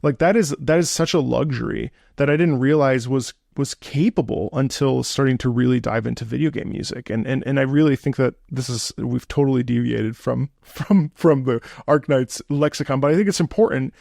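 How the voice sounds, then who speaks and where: Male host, gravelly mid-range voice, lively and chatty, dry close sound. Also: mid-range voice, normal speed, few pauses, no echo. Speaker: interview host. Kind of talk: conversational interview.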